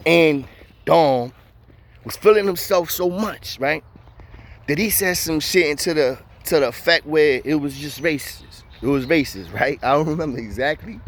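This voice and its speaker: A man's voice: a little high, normal speed. A man casually telling profane stories, full of street slang and repeated "know what I mean" fillers. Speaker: storyteller. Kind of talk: casual storytelling.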